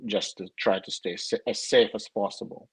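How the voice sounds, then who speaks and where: Ukrainian guy on a video call, kinda low husky voice, lots of likes and ums. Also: fairly even intonation, moderate pace, dry recording, rough recording. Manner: hesitant, many fillers and restarts. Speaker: guest. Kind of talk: casual interview answers.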